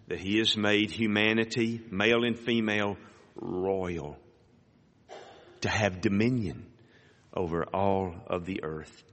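A man preaching a sermon. He reads scripture aloud and rises sharply in pitch on emphatic words. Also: bright, forceful tone. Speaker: pastor. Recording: hall reverb.

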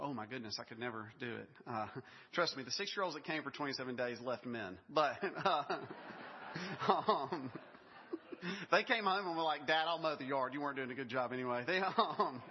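A male pastor delivers a sermon in a relaxed, storytelling manner, mixing in laughs and asides. His voice is slightly husky and sits at an ordinary pitch. The recording is a little dull, with the long reverb of a large hall. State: briefly choked up with emotion.

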